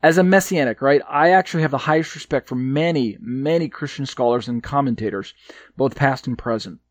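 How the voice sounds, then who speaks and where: A man teaches from a Bible commentary in a mid-pitched voice, stopping often on fillers and restarts. He leans hard on the points he cares about. The sound is close and dry, with no room in it. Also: fairly quick, no room sound. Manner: hesitant, many fillers and restarts; emphatic on key points. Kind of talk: reading and explaining a commentary.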